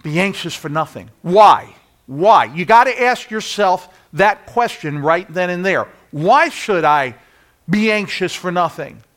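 A man preaching a sermon in church, talking to the congregation with rhetorical questions, singing bits of a hymn and moving from quiet to loud. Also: sits high, animated, unhurried. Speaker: pastor.

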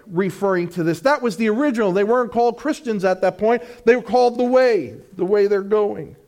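Male pastor, middle-aged, slightly high voice, dramatic sermon delivery with big loud-to-soft swings. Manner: emphatic preaching, swinging between loud declarations and hushed slow lines.

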